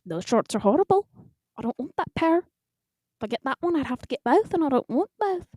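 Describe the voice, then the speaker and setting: A woman's voice: high voice, very animated, fairly quick, mellow, dry recording, clean studio sound, pitched above the performer's own voice. Woman putting on a bad Irish-Scottish muttering voice. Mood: grumbling. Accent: mock Irish-Scottish. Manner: grumbling under her breath.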